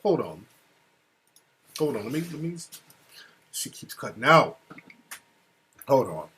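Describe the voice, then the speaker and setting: A man talking casually as an interview guest, telling a profane, animated story that gets heated. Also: medium pitch, takes it slowly, slightly rough. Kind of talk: casual phone-style conversation. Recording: call audio cutting out.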